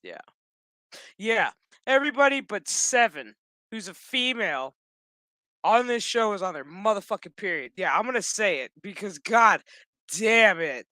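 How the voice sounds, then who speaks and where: A man's voice: sits high, big pitch swings, normal speed, sharp tone, dry recording. A man giving a casual, profane episode recap with blunt opinions and exasperated, sarcastic asides. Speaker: show recap YouTuber.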